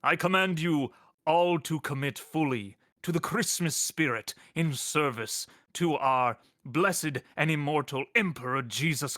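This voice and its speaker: A man's voice: a little high, a bit bright, no room sound, studio quality. A man putting on a grand commanding proclaimer. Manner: grand, slow, declaiming delivery. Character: commanding male proclaimer giving a pious decree.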